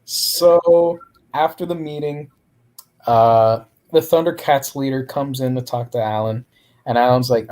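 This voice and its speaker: A man's voice: mid-range voice, a little slow, a little mellow. A man co-hosting a podcast, recapping a comic in a joking way and acting out the characters' lines. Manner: jokey, acts out character lines. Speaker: podcast co-host. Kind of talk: casual comic-book recap.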